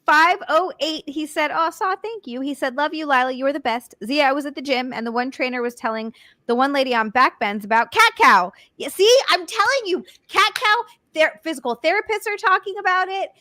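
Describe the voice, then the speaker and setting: A giggly young woman hosts a casual live stream, thanking her viewers and cursing offhand. Her bright, fairly high voice sits close to the mic with a dry sound. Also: expressive, a little fast, dry recording. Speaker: streamer host.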